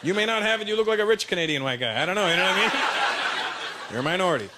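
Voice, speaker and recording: A man doing a stand-up routine on stage, talking straight to the crowd in an animated, confiding way. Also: high voice, racing. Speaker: stand-up comedian. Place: stage in front of a live audience. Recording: noisy played-back stand-up clip.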